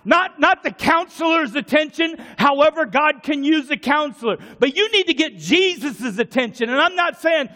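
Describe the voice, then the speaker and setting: A male pastor preaching a passionate sermon to a church congregation, often raising his voice to a shout. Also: very high-pitched, expressive, moderate pace, hardly any pauses. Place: church sanctuary. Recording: church sanctuary with long reverb.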